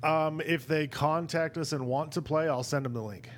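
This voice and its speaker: A man's voice: a little high, normal speed. Laid-back man with faint background noise. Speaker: podcast co-host. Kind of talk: casual chat.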